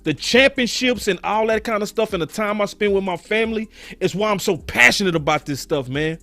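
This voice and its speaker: A man's voice: sits high, a little fast, bright, forceful tone, soft background music. Fired-up man ranting about football. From Dallas, Texas. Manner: passionate, ranting, curses freely. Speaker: sports show host. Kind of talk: heated sports talk.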